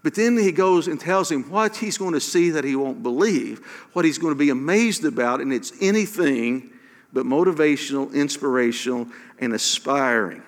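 A man preaching a sermon as pastor, animated, acting out quoted prayers with emphatic questions. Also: medium pitch, moderate pace, big-room sound.

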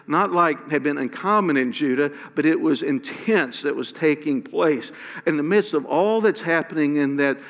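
Preaching man in a reverberant hall. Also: on the high side. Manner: animated, acts out quoted prayers with emphatic rhetorical questions. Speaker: pastor. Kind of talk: sermon.

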